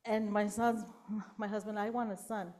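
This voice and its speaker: A woman's voice: medium pitch, level tone, moderate pace. Woman preaching a storytelling sermon. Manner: storytelling with acted-out quotes, whispering to show how softly God speaks.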